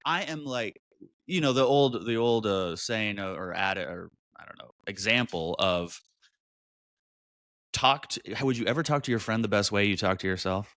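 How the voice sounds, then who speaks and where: Animated man with a low, dry voice. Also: normal speed, dry recording. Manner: animated, expressive, jumps into high pitch for quoted voices. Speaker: guest, mental health advocate. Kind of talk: candid conversational interview.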